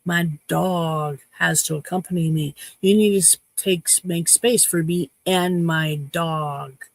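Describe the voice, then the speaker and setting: Cheeky woman streamer in her fifties, gravelly voice, dry sound. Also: lowish voice, steady tone, unhurried, dry recording. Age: 50s. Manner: cheeky, playful, chatty. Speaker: livestream host. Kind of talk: casual chat with viewers.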